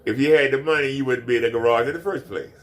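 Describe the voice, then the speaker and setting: A man's voice: mid-range voice, fast talker. Man ranting in a mocking, repetitive way. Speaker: commentary streamer. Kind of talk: ranting commentary.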